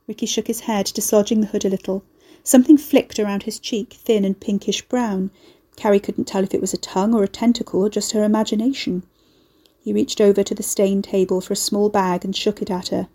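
A woman narrating a dark fantasy story in an expressive audiobook reading. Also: mid-range voice, a little fast, breathy edge.

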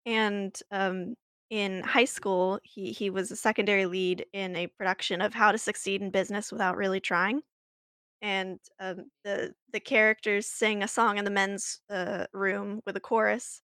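Podcast co-host, woman, storytelling in casual chat, dry close sound, mid pitch. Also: flat delivery, normal speed, fairly bright tone, clear, resonant tone, dry recording. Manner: chatty, laughing, many fillers and restarts.

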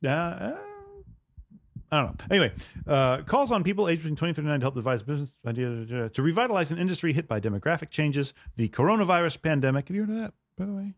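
A man's voice: fairly high pitch, expressive, quick pace, no echo, studio quality. Wry man reading news aloud, joking. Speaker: podcast co-host. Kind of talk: casual comedic chat, reading a news story aloud.

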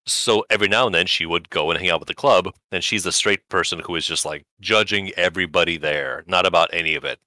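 A man co-hosting a casual podcast, recommending shows to his friends with animated, wry humor. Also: low-pitched, quick pace, few pauses, no echo, studio quality. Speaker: podcast co-host. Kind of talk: casual chat.

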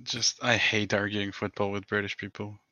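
A man's voice: on the low side, little pitch movement, moderate pace, sharp tone, no room sound, dull audio. A man co-hosting a podcast in casual chat, rambling and swearing, laughing often. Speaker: podcast co-host.

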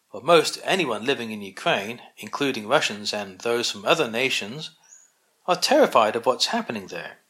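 A man's voice: mid-range voice, sharp tone. A man hosting his own collection, reading an opinion essay aloud with wry, sardonic asides and the odd stumble over a word. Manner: occasional stumbles over words.

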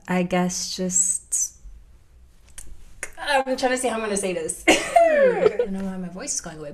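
A young woman hosting a casual conversation podcast, telling a story with lots of fillers. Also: medium pitch. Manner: animated storytelling, many fillers. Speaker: podcast host.

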